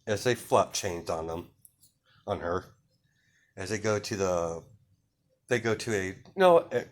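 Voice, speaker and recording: Slow, low-voiced man telling a story. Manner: hesitant, many fillers and restarts. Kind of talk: improvised fan-fiction narration.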